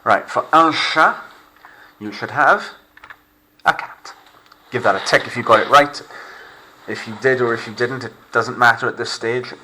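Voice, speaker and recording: A man with a Welsh accent teaching a recorded remote lesson, modelling words slowly and clearly for students to repeat. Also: mid-range voice, sharp tone, slight background noise. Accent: Welsh English.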